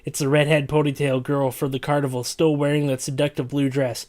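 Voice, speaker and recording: A man's voice: on the high side, flat delivery, brisk, darkish tone. A man reading a comedic story aloud in a dramatic, stumbling way. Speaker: reader.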